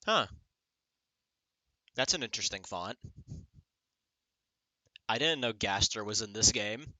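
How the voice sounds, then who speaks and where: A man's voice: fairly low pitch, lively intonation, slow, pushed and bright, no echo. A man casually commenting as he streams a game, jokey and swearing freely.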